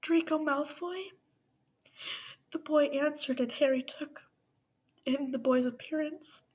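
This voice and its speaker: A woman's voice: sits high, slow, darkish tone. A woman reading fan fiction aloud, with emotional whispered asides and sighs. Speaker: fanfiction reader.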